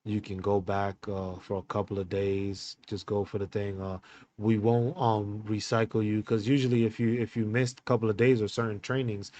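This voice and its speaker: A man hosting a podcast, telling a personal story in a candid, halting way with many fillers and restarts. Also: on the low side, a little mellow. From United States. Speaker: podcast host.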